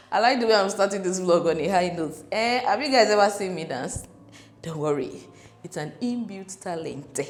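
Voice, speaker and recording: A woman chatting casually to her viewers, bubbly and excitable, laughing often. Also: on the low side. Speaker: fashion designer and vlogger. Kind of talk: casual vlog chat. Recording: echoey room with background music.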